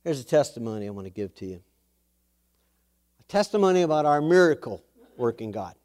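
A man preaching a sermon and telling a testimony, animated, with quoted dialogue and emphatic exclamations. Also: mid-range voice, brisk.

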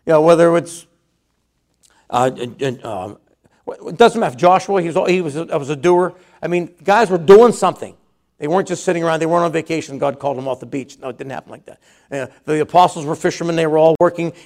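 A man's voice: a little high, fairly quick, a little mellow. A man preaching a conversational sermon, reading scripture aloud and then retelling it in his own words.

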